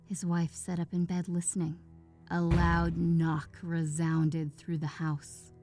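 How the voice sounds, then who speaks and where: A woman reads a classic horror tale in a lowered, hushed voice, slipping into whispers at tense moments. Her pitch sits on the low side. Quiet music plays beneath her. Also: a little slow. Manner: hushed, often dropping to a whisper. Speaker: narrator. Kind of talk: scripted horror narration. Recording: faint background music.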